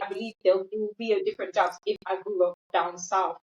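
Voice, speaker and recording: A woman's voice: medium pitch, flat delivery. Reflective woman guest, roomy dull sound. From Tanzania. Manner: reflective, halting, restarts often. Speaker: podcast guest. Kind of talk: casual podcast chat.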